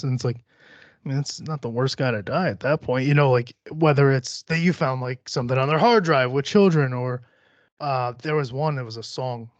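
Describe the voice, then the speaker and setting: A man's voice: mid-range voice, moderate pace, no room sound, muffled recording. A man hosting a podcast in casual chat, rambling and swearing freely, laughing often. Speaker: podcast host.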